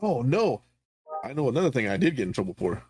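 A man's voice: medium pitch, very animated, fast, a little mellow. A middle-aged military veteran co-hosting a podcast, telling stories in casual, profane chat and often laughing at his own punchlines.

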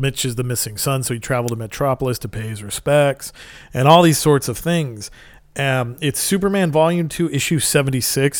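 A man's voice: mid-range voice, no room sound. A man telling stories in casual chat, rambling and enthusiastic with plenty of fillers.

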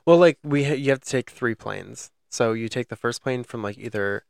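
Young man, gravelly voice, dry close sound, rambling casual chat, lots of fillers. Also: medium pitch, normal speed, no room sound. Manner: rambling, filler-heavy storytelling. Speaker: podcast co-host.

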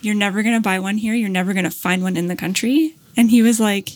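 A woman's voice: medium pitch, fast talker, no echo. A woman in casual conversation, telling a long anecdote, acting out what people said, with plenty of fillers. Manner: animated storyteller, acts out quotes, many fillers. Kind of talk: casual storytelling chat.

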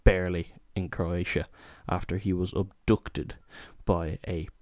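A man's voice: low-pitched, flat delivery, unhurried, a little mellow, dry recording, clean studio sound. A young Irish man in his twenties telling a rambling comic story in casual chat, full of asides and "you know".

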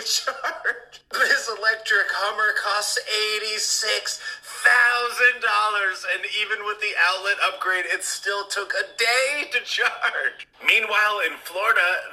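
A man's voice: high voice, bright, forceful tone, rough recording. A man giving casual news commentary in a sarcastic way, laughing through his lines. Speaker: political commentator.

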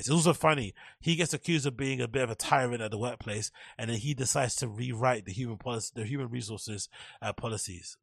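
A man's voice: on the low side, gravelly, breathy edge, no echo, clean studio sound. A young man hosting a casual solo podcast, reading an article aloud and breaking off to riff with sardonic, sweary commentary. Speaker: podcast host.

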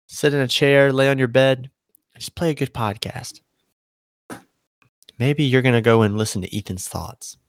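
A man's voice: medium pitch, no echo, clean studio sound. A young man hosting his own solo podcast, talking in a casual, rambling way and often correcting himself mid-sentence. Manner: conversational, rambling, self-correcting. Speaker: podcast host.

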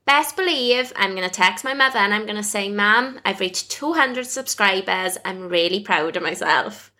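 A woman's voice: medium pitch, animated, normal speed, pushed and bright. A young British woman hosting her own podcast, talking to listeners in an earnest, effusive and heartfelt way. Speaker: podcast host. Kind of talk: casual solo podcast monologue.

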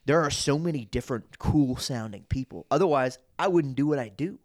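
Over the noise of a crowd, a man with a medium pitch talks fairly quickly as a guest on a podcast. A comedian and impressionist, he chats casually in an earnest, opinionated way and keeps veering off on tangents.

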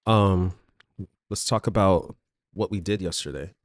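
A man's voice: low voice, measured pace, no room sound. A man co-hosting a podcast in a studio, laid-back and chatty, laughing often and trailing off mid-sentence. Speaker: podcast co-host. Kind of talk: casual chat.

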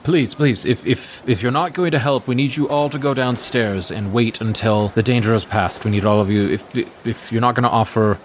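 A man's voice: medium pitch, moderate pace, hardly any pauses, a little hiss or hum, close to an everyday voice. A man voicing a nervous male town guard who stammers and pleads. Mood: pleading.

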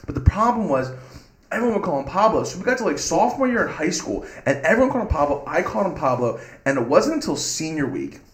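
A young man with a fairly high, very lively voice, cutting in excitedly and tossing out slang. The room around him has a noticeable echo. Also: quick pace. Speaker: podcast co-host. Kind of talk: casual chat.

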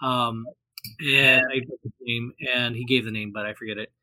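A man's voice: medium pitch, level tone, normal speed, pushed and bright, dry recording. A man telling a personal story in casual chat, rambling with many fillers and restarts and acting out the voices he quotes. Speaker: guest storyteller. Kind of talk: casual anecdote.

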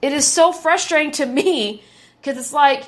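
A woman in her thirties delivers an indignant, emphatic podcast monologue. She hammers her points home by repeating words, and her voice sits high. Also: moderate pace. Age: 30s. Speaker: podcast host. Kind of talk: opinionated commentary monologue.

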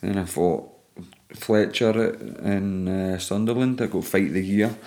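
Deep-voiced Scottish man telling stories. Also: steady tone, a little slow, darkish tone. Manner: swears freely, laughs through stories. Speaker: MMA fighter guest. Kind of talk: casual podcast chat.

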